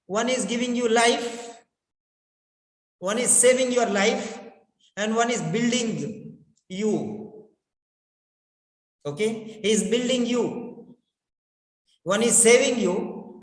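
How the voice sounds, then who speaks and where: A man with a high voice teaches English pronunciation to a small online class. He repeats his key phrases and coaxes the students to answer. His voice rings with long reverb in an echoey room. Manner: repeats words and phrases, coaxing students to respond. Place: in his village.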